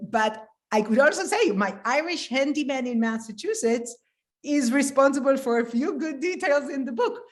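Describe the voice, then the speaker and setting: A woman author speaking as a guest at a live event, earnest and thoughtful, pausing often with "uh". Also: on the high side. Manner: earnest, thoughtful, frequent "uh" pauses.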